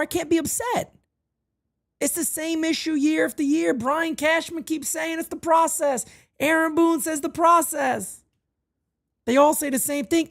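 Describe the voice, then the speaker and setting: Animated, high-pitched male sports host. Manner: animated and emphatic, repeats phrases. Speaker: podcast host. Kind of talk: sports talk rant.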